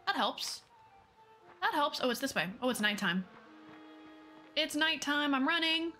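Bright, lively woman game streamer, chatty with her viewers, faint music behind. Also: high-pitched, a little slow. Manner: chatty, reads out viewer messages, says y'all. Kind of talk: live gameplay chat.

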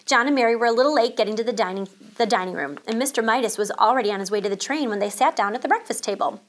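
A woman teacher reading a children's chapter book aloud, calm and expressive. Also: fairly high pitch, rapid-fire.

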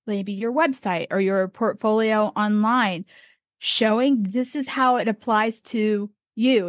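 A woman's voice: mid-range voice, dry recording, clean studio sound. A woman hosting a casual interview, enthusiastic and coaching, full of praise for her guest. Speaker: podcast host. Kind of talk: casual encouraging interview chat.

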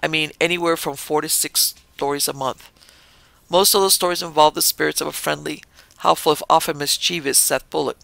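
A man's voice: a little high, fairly even intonation, a little fast, creaky, bright, forceful tone, no room sound, full character voice. A man reading the quoted words of a longtime female hotel desk clerk who recounts ghost stories in a matter-of-fact way. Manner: matter-of-fact, anecdotal telling.

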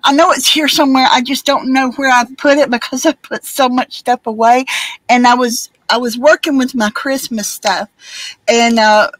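A woman's voice: a little high, fairly bright tone, no echo, low-quality recording. A woman with a Southern US accent chatting casually on a live stream, rambling with many ums and restarts. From Alabama, US.

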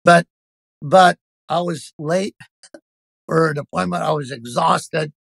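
A man's voice: a little high, slow, gravelly, husky, no echo. A man, a pastor, telling a personal story in an interview, speaking intensely and emphatically with frequent restarts.

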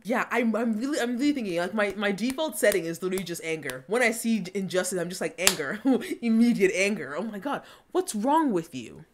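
A woman's voice: mid-range voice, lively intonation, brisk, hardly any pauses, a little hiss or hum. A young woman hosting a movie reaction, talking casually and animatedly, swinging between giggles and indignant rants.

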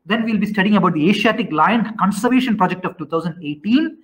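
A man teaching an online class, quizzing students and often repeating himself with halting restarts. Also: sits high, expressive, a bit bright, low-quality recording.

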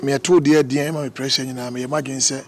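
A man's voice: mid-range voice, little pitch movement, fast, soft background music, natural voice. A man with a Ghanaian accent playing a desperate man who begs his partner to stay, pleading emotionally and mixing Twi and English. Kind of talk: film acting. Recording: faint film score underneath.

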